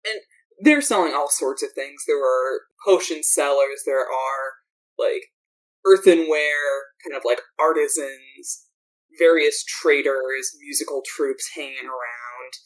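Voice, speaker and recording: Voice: medium pitch, slow pace, rough recording. A game master narrating a tabletop game in a loose, rambling way full of fillers.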